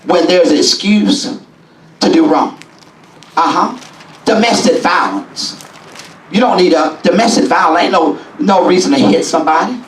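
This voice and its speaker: A man preaching a sermon as bishop in a church, folksy and call-and-response, rising now and then into shouts. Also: sits high, lively intonation, normal speed, slight background noise. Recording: echoey church from a distance.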